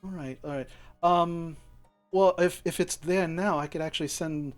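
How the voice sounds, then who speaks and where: A man's voice: fairly high pitch, fairly even intonation, moderate pace, soft background music, voice pushed up, natural voice. Man voicing a polite young half-elf clerk. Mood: businesslike. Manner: courteous, hesitant, many restarts. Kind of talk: tabletop role-play voice.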